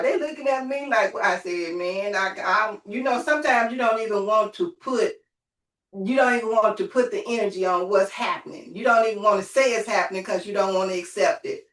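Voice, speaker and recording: Woman telling a lively story, far off. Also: fairly high pitch, moderate pace. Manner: lively storytelling, calls on listeners. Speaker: group host. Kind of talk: motivational group call talk. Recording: roomy, from off the mic.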